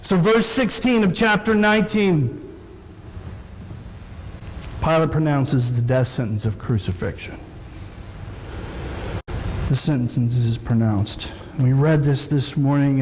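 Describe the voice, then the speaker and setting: A man's voice: a little slow, pauses often, darkish tone. Pastor guy preaching, acts out the story voices, echoey church sound. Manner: acts out the speakers in the story with sudden high voices. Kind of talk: sermon. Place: church sanctuary. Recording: echoey church hall, faint noise.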